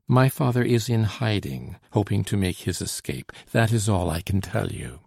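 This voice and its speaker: A man's voice: lowish voice, lively intonation, moderate pace, creaky, darkish tone, husky, dry recording, clean studio sound, full character voice. A man voicing an earnest young Frenchwoman. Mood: guarded. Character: earnest young French woman, devoted and anxious. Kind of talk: audiobook narration.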